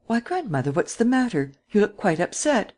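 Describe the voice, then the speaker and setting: A man voicing a bright, charming young schoolteacher who speaks in a light, high voice, in an audiobook reading. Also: big pitch swings, moderate pace. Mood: concerned.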